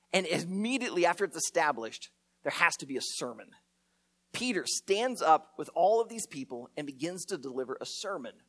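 A male pastor delivers a sermon, his pitch rising and falling in an animated way. He tells stories and acts out the quoted voices in them.

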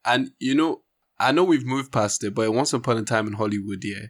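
A man co-hosting a casual film podcast, talking in a relaxed, easygoing way. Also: medium pitch, brisk. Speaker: podcast co-host. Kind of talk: casual chat.

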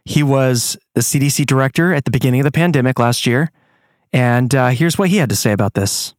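A man's voice: medium pitch, a little fast, no room sound. A man hosting his own show, ranting angrily with plenty of swearing. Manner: angry, profane, animated. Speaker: podcast host. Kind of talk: ranting monologue.

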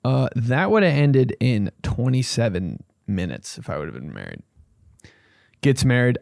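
A man hosting a comedy podcast, riffing in a casual, animated way and swearing freely. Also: medium pitch, normal speed, creaky, no echo, clean studio sound.

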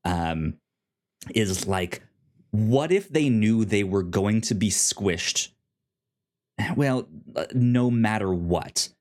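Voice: low-pitched, expressive, slow, long pauses, a little mellow. A podcast co-host chatting casually about a TV episode, rambling with many fillers and restarts. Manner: rambling, full of fillers and restarts, acts out quotes in silly voices.

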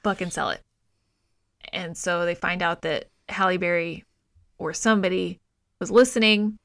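A woman's voice: lowish voice, normal speed, no room sound, clean studio sound. Profane exasperated woman recapping a movie. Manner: profane, exasperated, animated retelling. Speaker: podcast co-host. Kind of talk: casual movie review chat.

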